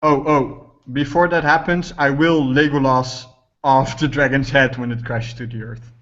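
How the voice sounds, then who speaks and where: A man playing a tabletop game, excitedly describing his character's actions and laughing often. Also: medium pitch, moderate pace. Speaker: player. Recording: muffled lo-fi audio.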